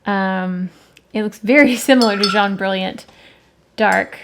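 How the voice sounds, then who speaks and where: A woman's voice: medium pitch, unhurried. A woman hosting an art channel, chatting casually and rambling a little as she swatches watercolors at her desk. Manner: musing, rambling, self-correcting. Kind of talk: casual talk while swatching paints. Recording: faint background noise with clicks.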